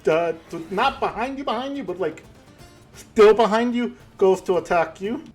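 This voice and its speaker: A man's voice: high-pitched, moderate pace, a little mellow, husky, soft background music. A man running a tabletop game as game master, narrating in a casual, joking way.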